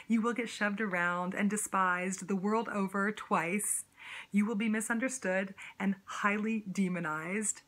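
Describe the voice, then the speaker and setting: Woman spoken word performer with a mid-range voice, rhythmic and sassy, who slows right down on key lines. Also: mid-range voice, steady tone, fairly bright tone. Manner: rhythmic, rhyming delivery with sassy direct address.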